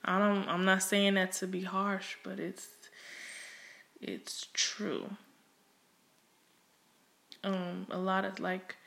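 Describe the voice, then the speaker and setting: A woman's voice: medium pitch, completely flat delivery, slow pace, long pauses, fairly bright tone. A young woman speaks openly and bluntly about her own life, in a loose, conversational flow. She leans on fillers and restarts, swears without holding back, and pushes hard on the points she cares about. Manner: frank and emphatic, with heavy cursing. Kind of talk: candid personal monologue.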